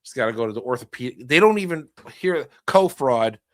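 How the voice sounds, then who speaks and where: A middle-aged male podcast host who tells stories in a wry, joking way. His voice sits at an ordinary pitch and is recorded dry and close, with no room sound. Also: animated, a little fast, no room sound. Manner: wry anecdotal storytelling with dry humor. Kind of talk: casual storytelling chat.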